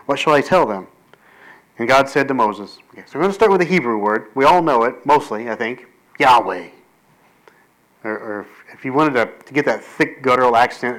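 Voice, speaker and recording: A man's voice: medium pitch, lively intonation, normal speed, long pauses, a bit bright, rough recording. A male pastor giving a conversational sermon, reading scripture and breaking into casual asides. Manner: conversational, jokey asides with frequent "right?" and "like"; reads scripture aloud, then explains it.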